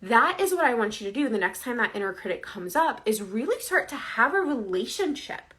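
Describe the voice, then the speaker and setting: A woman's voice: fairly high pitch, sing-song, a little fast, fairly bright tone. A woman coaching viewers in a casual, earnest, conversational way, often checking in with "right?". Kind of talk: casual direct-to-camera advice.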